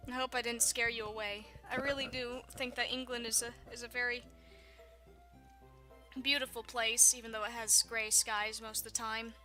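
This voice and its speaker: A woman's voice: on the high side, little pitch movement, normal speed, music in the background. Giggly young Texan woman. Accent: Southern US. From Texas, USA. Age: 20s. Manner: giggly, rambling, self-deprecating. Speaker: YouTuber. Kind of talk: casual vlog talk.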